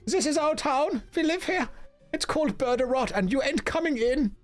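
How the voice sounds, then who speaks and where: A man doing a shrill, paranoid villager. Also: animated, fairly quick, faint music behind. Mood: suspicious, shouting. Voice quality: shrill, squawking high voice. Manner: yelling, accusing, defensive. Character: jumpy, suspicious male villager hiding from vampires. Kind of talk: reading game dialogue aloud.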